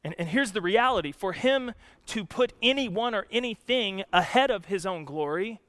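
A man preaching a sermon in an animated way, moving from hushed asides to loud outbursts. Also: sits high, moderate pace, no room sound. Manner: animated, swings from hushed to shouting, laughs often. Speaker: pastor.

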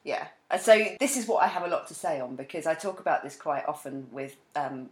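A woman's voice: low voice, lively intonation, a little fast, reverberant. A woman co-hosting a casual podcast chat, talking with frequent laughs and self-mocking asides. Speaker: podcast co-host.

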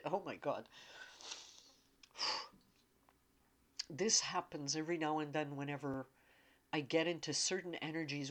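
A woman giving an unscripted spiritual talk, tearful and emotional, speaking haltingly and repeating herself. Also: low-pitched, a bit bright.

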